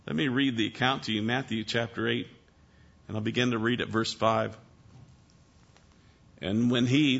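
Emphatic male preacher, bright voice. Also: mid-range voice, lo-fi sound. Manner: emphatic, repeats key phrases, asks the listeners questions. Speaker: pastor. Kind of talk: sermon.

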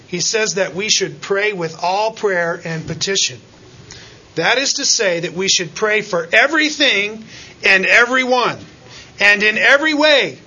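A man preaching a sermon as pastor, dropping to quiet asides and then climbing into loud, rising pleas, often calling out "Amen?" to the congregation. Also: high voice, lo-fi sound, slight background noise.

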